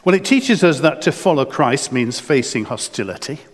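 A man's voice: mid-range voice, lively intonation, moderate pace. A man preaching a sermon in earnest, often repeating words and restarting phrases. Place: church. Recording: long church reverb.

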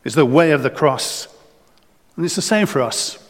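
A man preaching a sermon in a church, his voice carrying a long echo through the space. He speaks earnestly and in a somewhat high register, often restarting phrases and repeating words as he works his way forward. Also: animated, normal speed.

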